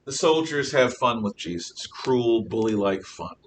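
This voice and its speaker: A man's voice: mid-range voice, lively intonation, measured pace, distant mic, a little hiss or hum. A man teaching a Bible class, telling stories in an emphatic, conversational way with rhetorical questions.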